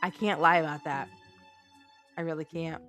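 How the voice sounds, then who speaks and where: A woman's voice: low voice, steady tone, normal speed, a bit bright, soft background music. Blunt ranting woman game streamer. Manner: blunt, ranting, swears freely. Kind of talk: casual live-stream chat.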